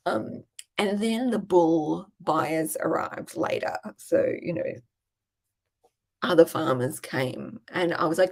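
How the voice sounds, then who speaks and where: Brief: Australian woman, regional accent, relaxed chatty Q&A host, gravelly and husky. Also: fairly low pitch, slow. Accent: Australian, regional Queensland. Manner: chatty, swears casually. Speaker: business coach hosting a Q&A. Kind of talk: casual live Q&A storytelling.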